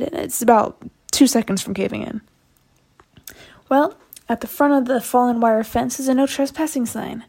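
A woman's voice: fairly high pitch, dark tone. A young woman casually telling a personal story to a podcast, chatty and self-mocking.

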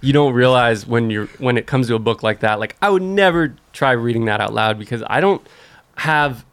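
A male podcast guest talking casually in a relaxed, meandering way, leaning on filler words. His voice sits at a middle pitch and is recorded close and dry. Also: moderate pace, smooth, no echo. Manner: relaxed, rambling, lots of "like". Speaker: guest, author and skateboarder. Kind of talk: casual interview chat.

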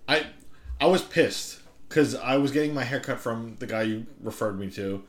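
A man chatting casually on a podcast, relaxed and halting, swearing now and then as he tells a story. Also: medium pitch.

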